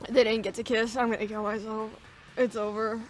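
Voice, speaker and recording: Excitable young woman gaming streamer. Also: a little high, fairly quick, a little hiss or hum. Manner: excitable, pleading, laughs often. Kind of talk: game playthrough commentary. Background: game music.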